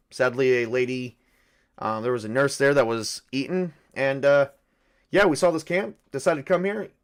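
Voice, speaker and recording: A man's voice: medium pitch, close to an everyday voice. A man voicing a brash, domineering middle-aged army sergeant who gives orders and takes command. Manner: bossy and commanding.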